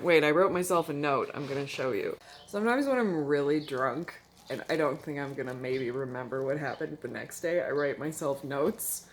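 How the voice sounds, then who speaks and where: A woman's voice: on the low side, a bit bright, slight background noise. A young woman vlogging from home while hungover, chatting candidly and laughing often as she tells a story into the camera. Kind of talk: casual confessional vlog.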